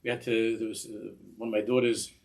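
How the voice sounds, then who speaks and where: A middle-aged man, a rabbi, giving an animated Torah class, acting out little dialogues and sprinkling in Yiddish and Hebrew words. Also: lowish voice, fairly quick, gravelly.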